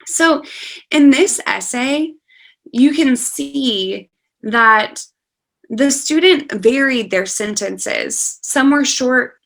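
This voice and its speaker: A woman's voice: fairly high pitch, creaky, fairly bright tone. A woman teaching an online class on scholarship essay writing, speaking patiently and reading a student's essay aloud over a video call. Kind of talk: online lecture.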